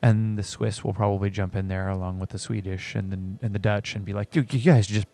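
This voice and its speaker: A man's voice: on the low side, level tone, a little fast, creaky, dark tone, no echo. A man from Texas co-hosting a live class, reading viewer comments in a hesitant way and often stumbling over his words. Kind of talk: casual chat.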